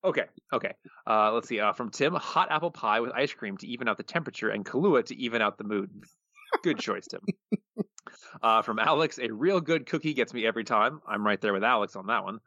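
A man co-hosting a podcast, rattling through listener answers at a brisk clip with a sharp, tense edge to his voice. He chuckles easily between entries. The audio is dry and slightly muffled. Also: medium pitch, animated, no echo. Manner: quick, chuckling delivery. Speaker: podcast co-host. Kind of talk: casual podcast chat, reading listener answers.

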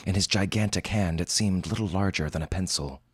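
A man's voice: sits low, a little fast, husky, no echo, studio quality. A man narrating a humorous fantasy story in a wry, formal storytelling manner. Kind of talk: scripted fiction narration.

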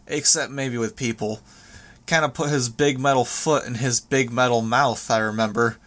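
A man reading an audiobook, voicing a cool, condescending young woman who speaks slowly and dismissively. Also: medium pitch, steady tone, fairly bright tone, lightly acted. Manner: slow, measured and dismissive.

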